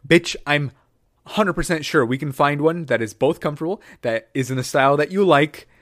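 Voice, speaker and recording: A man's voice: fairly high pitch, normal speed, no echo, clean studio sound. A young man chatting casually, ranting with lots of swearing and acting out quoted characters in mocking voices. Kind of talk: casual podcast chat.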